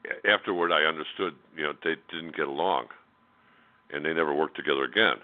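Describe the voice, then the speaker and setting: Very deep-voiced man on a phone line. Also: brisk. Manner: candid and blunt, with many fillers and restarts. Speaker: interview guest. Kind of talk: telling a personal story in a radio interview.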